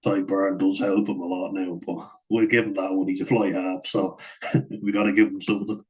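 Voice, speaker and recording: Chuckling at his own asides and saying "like" often, a rugby match analyst casually narrates a breakdown of game footage. His low voice is flat and a little mellow at a moderate pace, in a rough recording.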